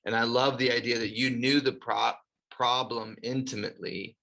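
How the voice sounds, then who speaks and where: A man's voice: medium pitch, fairly even intonation, normal speed, vocal fry, sharp tone. A man hosting an interview, reflecting on the answers in an encouraging way and asking long questions. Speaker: interviewer, host.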